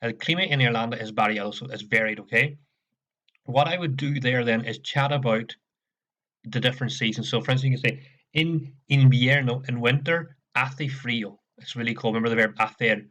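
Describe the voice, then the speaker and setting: Irish teacher walking through homework. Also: male voice, mid-range voice, fairly quick, pushed and bright. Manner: patient, explains step by step, keeps checking with "okay?". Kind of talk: recorded remote lesson.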